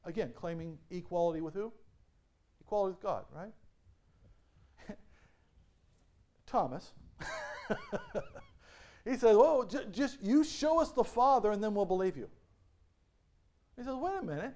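Man, pastor, high-pitched, lively questioning sermon delivery with frequent laughs. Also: measured pace, pauses often. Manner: asks the congregation questions and lets them answer. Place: church sanctuary.

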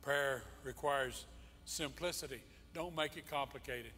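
A man's voice: mid-range voice, a little slow, sharp tone, a little hiss or hum. A male pastor preaching a sermon, impassioned and emphatic, repeating his key phrases. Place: church sanctuary. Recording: long church-hall reverb.

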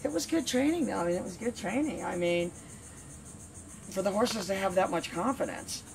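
A woman's voice: mid-range voice, moderate pace, gravelly, a little mellow. A woman training her dog and talking casually, chatty and playful, with sing-song repeats. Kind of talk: casual training demo talk. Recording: noisy outdoor recording.

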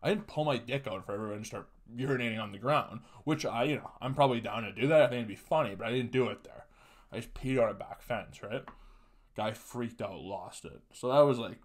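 A man's voice: medium pitch, a little fast. A man in his twenties hosting a podcast, telling casual profane stories on his own and laughing through them. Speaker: podcast host. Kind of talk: casual solo storytelling.

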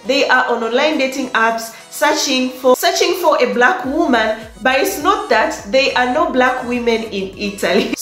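A chatty woman with a high voice talks unhurriedly through dating advice for her viewers, often breaking into laughter and repeating words for emphasis. She sounds like she's in an echoey room with faint music in the background. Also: fairly bright tone. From Africa. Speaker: vlogger giving dating advice. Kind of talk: casual advice monologue to viewers. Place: in Italy, in a room with echo.

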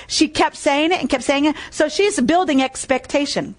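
In a high voice at a moderate pace, with hardly any pauses, a woman delivers a sermon. She narrates stories, reads from scripture, repeats important phrases, and prompts the audience with "what?".

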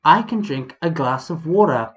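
A man's voice: on the high side, animated, normal speed, a bit bright, muffled recording. A man putting on the voice of a smug, boastful older male politician who gloats and mocks. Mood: smug gloating. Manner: gloating, mocking.

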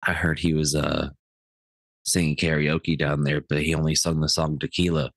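A man co-hosting a podcast in casual banter, teasing in a deliberately low, dry tone. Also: little pitch movement, dry recording. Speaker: podcast co-host.

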